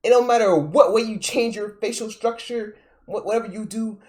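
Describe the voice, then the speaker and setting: A man's voice: high-pitched, moderate pace. A man streaming live and reacting to a clip in casual, profane commentary, exasperated and repeating himself. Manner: exasperated, repetitive, profane, swings loud and soft.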